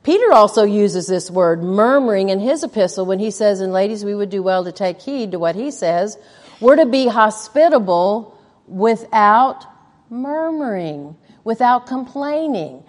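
A woman's voice: mid-range voice, animated, measured pace. A middle-aged woman teaching a women's Bible study in a chatty way, putting questions to the listeners and muttering asides under her breath. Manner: conversational, asks the audience questions, mutters quoted asides. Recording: long echo of a large hall.

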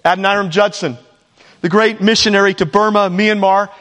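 A male pastor delivers an earnest sermon in a high, light voice. He leans on rhetorical questions and repeats key lines for weight. His words ring out with a long reverb, as if filling a large sanctuary. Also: steady tone, a little fast, a bit bright. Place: church sanctuary.

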